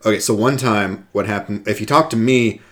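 A man with a fairly low voice, reminiscing about his time working at a movie theater. He talks in a loose, chatty way, full of fillers. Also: brisk. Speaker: former movie theater employee. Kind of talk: casual chat.

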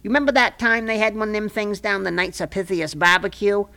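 A woman voicing a bossy, sharp-tongued small-town official in a comic radio play, with a folksy, scolding way of talking. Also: mid-range voice, steady tone, brisk.

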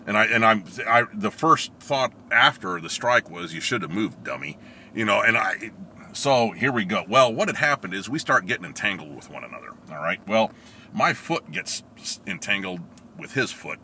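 A middle-aged man telling a story in a casual, animated way, laughing often and acting out what people said. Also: on the low side, slight background noise. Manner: animated, laughs often, acts out quoted lines. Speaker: storyteller recalling police academy training.

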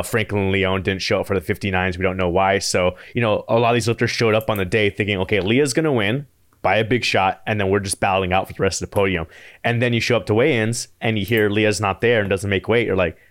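A man co-hosting a sports podcast, explaining points in a measured way with small stammers. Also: fairly low pitch, fairly even intonation, dry recording, clean studio sound. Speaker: podcast co-host. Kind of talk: casual sports podcast chat.

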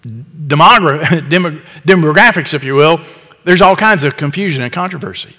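A man's voice: a little high, sharp tone, in a large hall. A man preaching an expository sermon in a conversational way, chuckling now and then and restarting phrases. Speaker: pastor.

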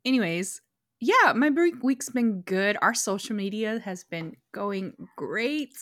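A woman's voice: mid-range voice, fairly bright tone, no room sound, studio quality. A woman co-hosting a podcast from home, chatting in a rambling way and laughing easily. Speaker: podcast co-host. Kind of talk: casual chat.

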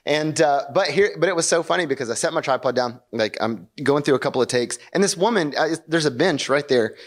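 A man preaching a sermon as pastor, telling a personal story in a chatty, animated way and acting out quoted lines. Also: a little fast, few pauses. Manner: animated, chatty, acts out quotes with rising pitch. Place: church service.

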